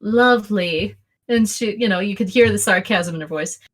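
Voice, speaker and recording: A woman narrating a tabletop role-play game as game master, speaking in a chatty, halting way and often breaking into laughter. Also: medium pitch, breathy edge.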